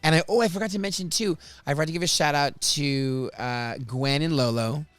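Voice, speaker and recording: A man hosting a podcast, telling stories from his life in a chatty, animated way. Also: on the high side, fairly quick, smooth, no room sound, soft background music. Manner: chatty, animated, restarts and laughs often. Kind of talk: casual storytelling chat.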